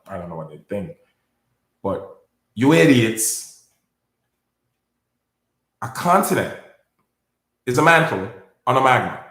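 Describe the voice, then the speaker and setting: This video host's voice sits on the low side, and the recording has a roomy sound. He rambles casually to his viewers in a monologue to camera, repeating words frequently and lashing out at his critics.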